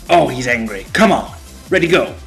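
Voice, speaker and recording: A young man giving casual let's-play commentary, excitable and easily frustrated, talking back at the game and to his viewers. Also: medium pitch, moderate pace, gravelly, soft background music. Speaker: gaming channel host.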